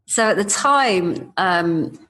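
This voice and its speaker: A woman's voice: on the low side, expressive, slow, fairly bright tone, slight background noise. A woman hosting a podcast, answering her guest with empathy and her own reflective stories. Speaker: podcast host. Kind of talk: casual conversation.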